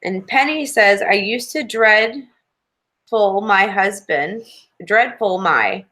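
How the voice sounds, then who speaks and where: A woman co-hosting a live stream, reading viewer comments aloud in a plain, steady way with a few hesitant fillers. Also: mid-range voice, slow pace.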